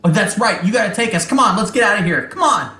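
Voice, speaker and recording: Frantic little goblins. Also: male voice, sits high, expressive, quick pace, sharp tone, roomy sound, voice pushed up, exaggerated voice. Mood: urgent. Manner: squealing, panicked yelps. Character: frantic panicky goblin crowd, small and shrill.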